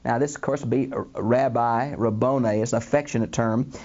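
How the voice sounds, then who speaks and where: The audio is dull, but the older man's medium-pitched delivery is brisk as he leads a Bible lesson in a studio. Animated, he addresses listeners as "friends," acts out the quoted voices, and uses many "uh" fillers.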